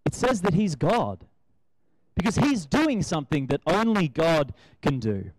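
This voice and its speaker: A man's voice: a little high, big pitch swings, a little slow, no room sound, low-quality recording. A young man giving a conversational sermon, asking his listeners rhetorical questions. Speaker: preacher.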